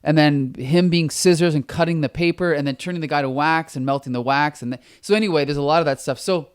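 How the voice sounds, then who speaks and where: Animated podcast co-host with a lozenge. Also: male voice, on the high side, quick pace, clear, resonant tone. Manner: talks with a lozenge in his mouth. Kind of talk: casual chat.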